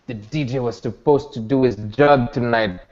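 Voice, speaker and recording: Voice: mid-range voice, moderate pace, a little mellow, a little hiss or hum, pitched below the performer's own voice, lightly acted. Someone doing an exasperated grumbling man. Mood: annoyed. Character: irritated man at a rave, grumbling. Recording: dull lo-fi recording.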